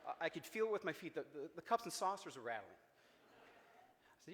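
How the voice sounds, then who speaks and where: A man from Cincinnati giving a personal memorial speech, storytelling with humor and jumps in pitch for emphasis. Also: sing-song, moderate pace, pauses often, a bit bright. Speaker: eulogy speaker, friend of the deceased. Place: memorial service hall. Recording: echoey hall with long reverb.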